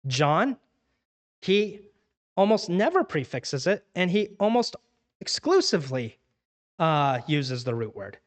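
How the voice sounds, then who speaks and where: A man's voice: a little high, slow pace, long pauses. Conversational man teaching a Bible class. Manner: conversational, lively, acts out everyday dialogue. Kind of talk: casual teaching sermon.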